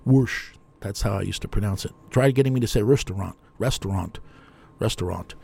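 A man's voice: lowish voice, quick pace, gravelly, darkish tone. An older man with a New Jersey accent, telling a long, digressive story in a chatty, self-mocking way as a radio host. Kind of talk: rambling storytelling monologue.

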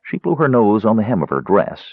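Husky, low-voiced male audiobook narrator. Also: no echo. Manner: expressive, measured storytelling. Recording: dry, slightly dull audio.

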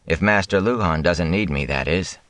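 A man reading an audiobook, voicing a cautious young apprentice who speaks slowly and doubtfully. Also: sits low, fairly bright tone, no room sound. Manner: slow, doubtful. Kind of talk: audiobook character voice.

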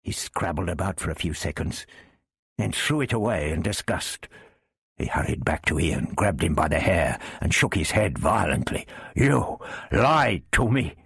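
Deep husky guy reading an adventure story, dry close sound. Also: animated, normal speed, a bit bright, no room sound. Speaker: narrator.

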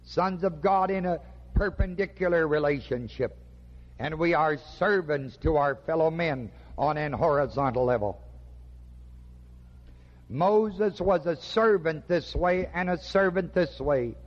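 A man preaching a sermon slowly and emphatically, with dramatic pauses. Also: fairly high pitch. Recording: dull lo-fi recording with long hall reverb.

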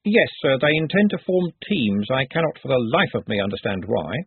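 A man's voice: medium pitch, sing-song, normal speed, husky, no room sound. A man playing a prim, literal male secretary. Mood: earnest. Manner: formal, literal, solemn and exact. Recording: dry, phone-like narrow sound.

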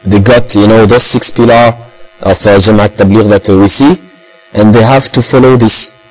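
A man's voice: on the low side, steady tone, moderate pace, faint music behind, low-quality recording. Man rambling with many fillers, hum behind. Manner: rambling, heavy use of fillers and Arabic phrases. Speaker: speaker recounting experiences. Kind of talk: casual talk in English.

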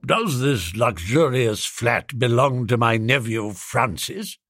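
A man's voice: mid-range voice, expressive, slow pace, fairly bright tone, no room sound, clean studio sound, voice pushed down. A man voicing a grumbling, stingy old English duke who complains about prices. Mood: aghast.

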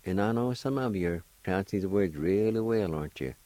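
A man's voice: low-pitched, expressive, a little fast, no echo, low-quality recording. A man from Oklahoma hosting a radio language lesson, spelling and pronouncing words patiently and encouraging his listeners. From Oklahoma, United States. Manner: patient, encouraging, gently joking. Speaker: radio host teaching language. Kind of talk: slow spelling and pronunciation lesson.

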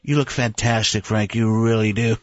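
A man's voice: on the low side, fairly even intonation, normal speed, no room sound, lo-fi sound, pitched below the performer's own voice, lightly acted. A man impersonating a boastful older male tycoon who talks in bragging superlatives.

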